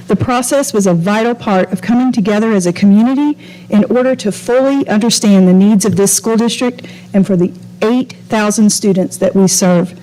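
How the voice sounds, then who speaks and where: Mellow-voiced woman giving a formal statement. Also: mid-range voice, rough recording. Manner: formal, confident, reading a prepared statement. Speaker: community committee member speaking at a board meeting. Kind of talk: prepared public statement.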